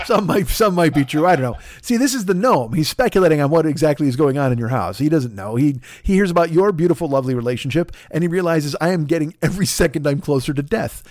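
A man's voice: fairly high pitch, expressive, fast, hardly any pauses, darkish tone, dry recording. A man co-hosting a comedy podcast, rambling and self-deprecating, talking into a studio microphone. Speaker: podcast co-host.

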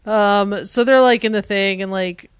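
A female podcast co-host with a mid-range voice, chatting casually. She retells scenes in a laid-back way, full of quick quoted asides. The recording is dry and close. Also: medium pitch, fairly even intonation, clean tone, no echo. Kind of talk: casual chat.

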